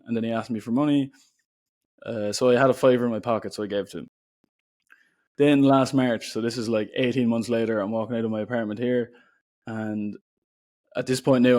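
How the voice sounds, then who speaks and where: A man's voice: mid-range voice, no echo. Chatty young Irish man, dry sound. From Ireland. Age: young adult. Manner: relaxed, chatty, many "like" fillers. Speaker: podcast guest, writer. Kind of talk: casual storytelling.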